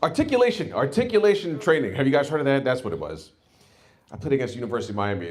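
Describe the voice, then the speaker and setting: A man on a comedy stage, rattling off a story fast, his pitch swinging wildly up and down as he goes. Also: big pitch swings. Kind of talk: stand-up comedy set.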